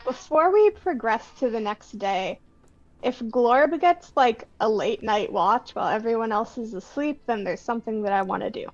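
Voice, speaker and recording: A woman tabletop player talking casually and haltingly, with many fillers. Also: a little high, darkish tone. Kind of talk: casual chat. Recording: slightly dull lo-fi mic.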